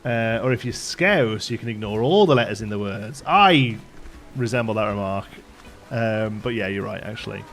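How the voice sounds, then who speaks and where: A bit bright yet on the low side, the voice belongs to an English man with a light Liverpool tinge who hosts a live stream at normal speed. He laughs often and chats casually and digressively while building in a game, faint background music audible.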